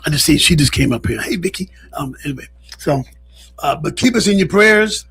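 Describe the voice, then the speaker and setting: Gravelly-voiced man co-hosting radio chat. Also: fairly high pitch, lively intonation, a little fast, a bit bright. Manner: laughing storyteller. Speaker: co-host. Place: radio studio.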